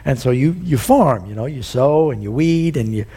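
A man's voice: mid-range voice, animated, normal speed, dark tone, breathy edge. A male pastor preaching a sermon, telling folksy stories and building to emphatic points. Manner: folksy storytelling with rising emphasis.

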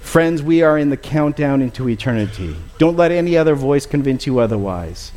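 A man preaching with an earnest, pleading manner, often turning to his listeners as friends. His voice sits a little higher than most men's. He moves from the sermon into a closing prayer without losing that fervour. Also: animated, brisk, a little mellow, faint music behind.

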